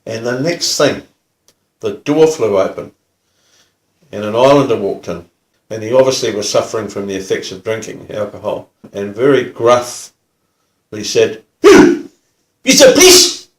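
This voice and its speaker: An older man with a New Zealand accent, a retired police officer telling stories in a relaxed, casual way. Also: fairly low pitch, normal speed, long pauses, reverberant. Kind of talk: casual storytelling.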